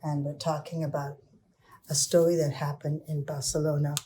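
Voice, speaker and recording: A woman telling stories to children in an informal way, with pauses and restarts. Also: low voice, flat delivery, dark tone, a little hiss or hum. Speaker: storyteller.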